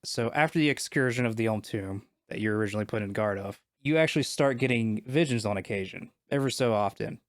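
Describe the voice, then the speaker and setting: A man's voice: on the low side, quick pace, hardly any pauses, dry recording, studio quality. A man narrating as game master of a tabletop game, casual with many fillers.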